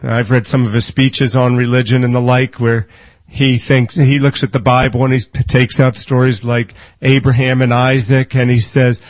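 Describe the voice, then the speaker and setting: A man preaching a sermon, telling stories with lively quoted voices and rattling off scripture quickly. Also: mid-range voice, dry recording, poor audio. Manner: animated storytelling, acting out quoted voices.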